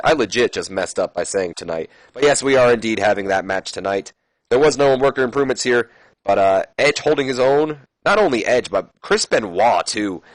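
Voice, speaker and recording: A man's voice: fairly low pitch, dry recording. A man casually narrating a simulation game, rambling with fillers and correcting his own slips. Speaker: let's play commentator.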